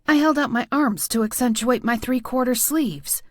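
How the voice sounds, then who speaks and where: A woman's voice: a little high, very animated, moderate pace, hardly any pauses, dry recording. Woman narrating an audiobook, dry and close. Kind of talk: first-person scripted audiobook narration.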